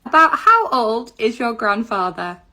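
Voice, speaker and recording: A woman reading funny posts and signs aloud, breaking into high wheezing laughter between lines. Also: a little slow. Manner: reads lines deadpan then cracks up. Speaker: comedy video creator.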